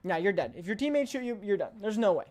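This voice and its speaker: A woman's voice: mid-range voice, sing-song, quick pace, a little mellow. A woman streamer chatting casually on a live stream, emphatic and playfully blunt, often repeating her points.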